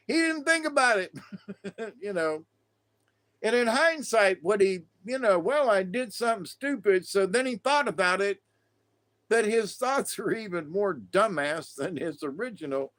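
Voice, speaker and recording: A man's voice: high-pitched, a bit bright. A man rambling to viewers in a loose monologue, laughing often and repeating insults with heavy emphasis, stoned. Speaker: vlogger.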